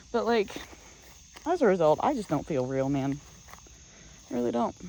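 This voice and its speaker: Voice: medium pitch, vocal fry, warm tone, slight background noise, poor audio. An adult vlogger talking casually while walking outdoors in the woods, rambling and frustrated, with lots of fillers and restarts.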